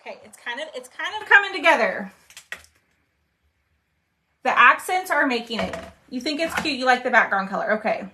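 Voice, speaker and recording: A woman's voice: sits high, lively intonation, normal speed, pauses often, bright, forceful tone, a little hiss or hum. A woman, chatting casually with viewers while she crafts on a livestream, trailing off as she concentrates.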